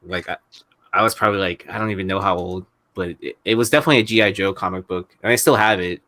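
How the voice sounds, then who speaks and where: A man co-hosting a podcast, remembering in a halting, hesitant way. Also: low-pitched, sharp tone, dry recording. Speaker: podcast co-host. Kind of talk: casual reminiscing.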